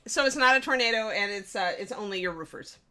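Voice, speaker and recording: A woman's voice: medium pitch, fast, a crowd in the background. A woman hosting a casual live stream, bubbly and chatty, laughing often. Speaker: host of a miniature painting stream.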